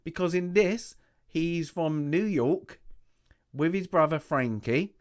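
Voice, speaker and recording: The host of a casual review is a man whose slightly high voice is animated yet slow. He rambles and chats, tossing out rhetorical questions and asides, his voice still recovering from loss.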